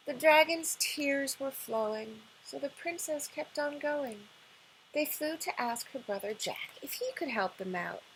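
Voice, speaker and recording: A woman librarian reading a picture book aloud at storytime in a gentle, expressive way. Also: high-pitched, measured pace, a little hiss or hum, poor audio. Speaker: children's librarian.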